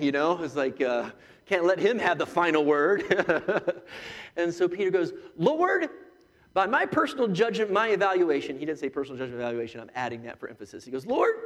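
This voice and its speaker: Animated man preaching in a reverberant hall. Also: on the high side. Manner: animated, joking asides, acts out voices. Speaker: pastor. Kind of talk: sermon.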